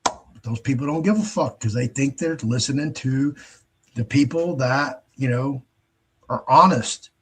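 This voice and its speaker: Husky, blunt, swearing man. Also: mid-range voice, measured pace. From United States. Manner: blunt, profane, rambling. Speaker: host. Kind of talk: casual monologue.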